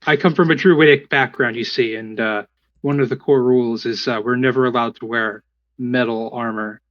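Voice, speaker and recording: A man's voice: medium pitch, steady tone, normal speed, no echo, highs cut off, lightly acted. A man voicing his druid character, speaking formally and apologetically to a shopkeeper. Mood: polite. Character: polite druid adventurer, a man.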